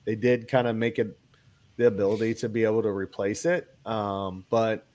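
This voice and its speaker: Fairly low-pitched and a little mellow, this man's voice has a flat delivery and moderate pace. He's a kayak angler guest with a cold, talking casually about kayak gear and rambling through many fillers and restarts.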